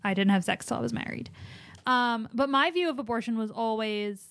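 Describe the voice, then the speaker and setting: A young adult woman co-hosting a casual talk show, explaining her views in a measured, thoughtful way. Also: a little high, animated, fairly bright tone, clear, resonant tone, no echo, studio quality. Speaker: podcast co-host. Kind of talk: casual opinionated chat.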